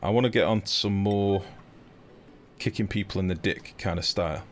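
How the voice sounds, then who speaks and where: A young man commentating casually on a live game stream, chatty and excitable, swearing freely and talking to his chat. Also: on the low side, normal speed, a little hiss or hum.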